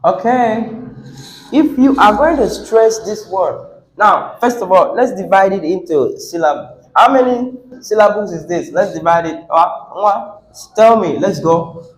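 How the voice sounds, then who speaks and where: In an echoey classroom, a man with a high voice teaches English word stress at a measured pace. He questions his students and repeats words, shifting where the stress falls.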